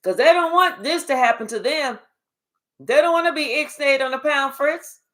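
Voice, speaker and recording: A woman giving a casual spiritual reading, talking in an animated, profane way and acting out quoted voices. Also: sits high, normal speed. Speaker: spiritual reader. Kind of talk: casual live reading monologue.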